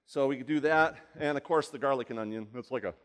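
A man's voice: mid-range voice, quick pace, a bit bright. A man giving a live cooking demonstration, chatty and rambling, often asking the audience questions. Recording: long hall reverb.

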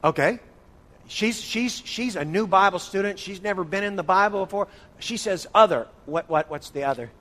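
A man with a slightly high voice leads a church Bible study, quizzing his listeners and teasing them by name. His words ring out with a long reverb in a big hall. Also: normal speed, fairly bright tone. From northern United States. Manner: playful, calls on listeners by name. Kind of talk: interactive church teaching session.

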